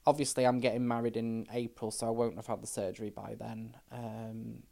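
A woman's voice: rumbling low, flat delivery, a little fast, gravelly, warm tone. A middle-aged trans woman, talking frankly as a podcast guest and telling stories with quoted dialogue. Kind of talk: casual chat.

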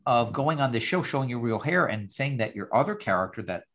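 A man hosting a podcast over a video call, recapping an old sitcom episode in a measured way and reading its lines aloud. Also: medium pitch, animated, fairly bright tone. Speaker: podcast host. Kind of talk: casual chat recapping an episode.

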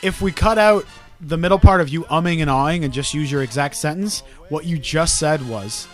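A man hosting a podcast, telling stories and teasing his friends in crude, quick banter. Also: on the high side, faint music behind. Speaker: podcast host.

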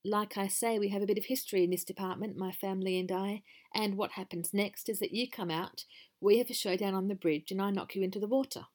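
A woman voicing a brisk, sociable mother goat who over-explains and apologises. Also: medium pitch, steady tone, darkish tone, natural voice. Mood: chatty.

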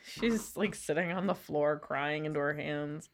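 A woman's voice: low-pitched, a little slow. A woman playing a tabletop role-playing game, describing her character in a chatty, giggly way. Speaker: player.

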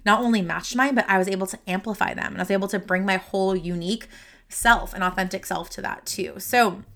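A woman's voice: mid-range voice, fast. A woman hosting a solo podcast as a career coach, talking unscripted, earnest and rambling, speaking straight to her listeners into a desk microphone. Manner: earnest, rambling, heartfelt, addresses listeners directly; animated, gestures while talking.

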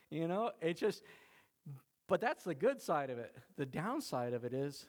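A man preaching a sermon as pastor, animated and conversational, often laughing. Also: mid-range voice, measured pace, long pauses.

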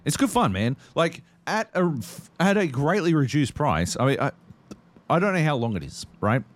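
Very animated and speaking at a moderate pace, a podcast co-host with a slightly high voice rambles through stories in a casual gaming chat, swearing nonstop.

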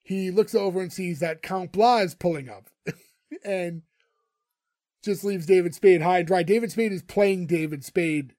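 High-voiced man recapping an episode animatedly. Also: unhurried, dry recording, clean studio sound. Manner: animated storytelling, laughing often. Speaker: podcast co-host recapping a TV episode. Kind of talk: casual chat.

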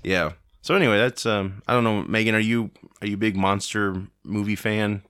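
A man with a very low voice chats in a loose, rambling way as a podcast host. The sound is dry and close, with no room around it. He is in his forties. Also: steady tone, moderate pace, a bit bright, clean tone, dry recording. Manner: rambling, chatty, laughs easily. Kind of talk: casual chat.

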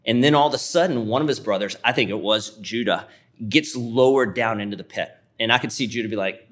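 A man's voice: medium pitch, brisk, fairly bright tone. A man preaching a sermon, retelling a scripture story in a vivid, conversational way.

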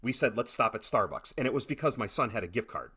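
A middle-aged man chatting casually on a podcast, telling animated stories with many repeated starts. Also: mid-range voice, fast, slightly rough. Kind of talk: casual chat.

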